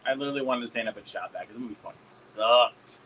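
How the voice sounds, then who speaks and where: Excitable guy chatting on a livestream, crisp bright tone, lots of cussing. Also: medium pitch, quick pace, a little hiss or hum, poor audio. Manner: excitable, swears a lot, laughs often. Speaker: streamer. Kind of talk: casual livestream chat.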